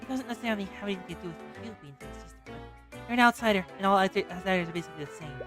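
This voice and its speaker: A woman voicing a reclusive, prickly young librarian girl who speaks in a low, hushed mutter. Faint music plays underneath. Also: racing, lightly acted. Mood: grumbling. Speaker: library committee president.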